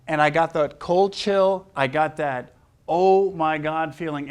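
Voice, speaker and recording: A man in his sixties, a chiropractor, telling personal stories to a live audience, acting out quoted voices and throwing questions to the crowd. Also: a little high. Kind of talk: anecdotal talk to a live audience.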